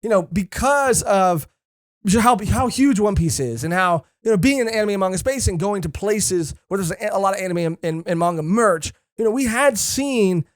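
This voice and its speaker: A man co-hosting a podcast, chatting casually, excitable and profane, rambling with lots of fillers. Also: high voice, moderate pace, no echo, studio quality. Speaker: podcast co-host. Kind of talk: casual chat.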